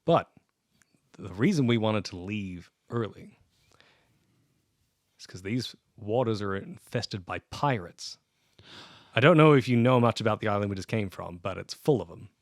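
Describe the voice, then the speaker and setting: A man's voice: fairly low pitch, lively intonation, normal speed, pauses often, no room sound. A man voicing a stern, humorless male swordsman who captains a ship, speaking in a dry, curt, matter-of-fact way. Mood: warning.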